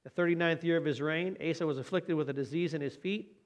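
A man's voice: on the high side, quick pace. A man preaching a conversational sermon, often asking rhetorical tag questions.

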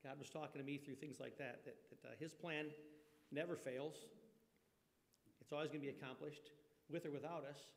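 A man's voice: fairly high pitch, steady tone, moderate pace. A man preaching a conversational sermon, folksy, often asking his congregation questions. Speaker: pastor. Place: church sanctuary. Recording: long reverb of a church hall.

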